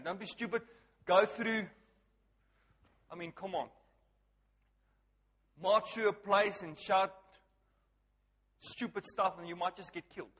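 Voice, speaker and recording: A man preaching a lively sermon, asking the crowd questions and swinging from hushed to loud. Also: high voice, husky, in a large hall.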